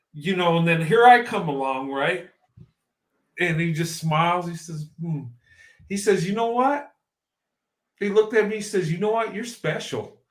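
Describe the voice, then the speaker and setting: A man, a guest, telling a story in a casual, animated way and laughing often. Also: fairly high pitch, roomy sound.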